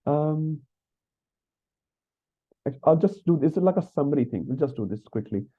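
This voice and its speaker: A man's voice: fairly high pitch, expressive, normal speed. Man teaching over tinny call audio. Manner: conversational, frequent tag questions. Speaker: scripture class teacher. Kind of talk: online scripture class. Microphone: video call.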